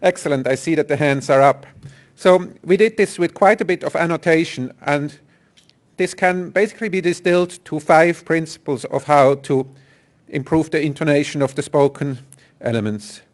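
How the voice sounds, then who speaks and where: A man's voice: fairly high pitch, moderate pace. A man giving a technical conference talk, explaining speech synthesis principles step by step. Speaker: conference presenter. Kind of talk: technical presentation. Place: conference hall.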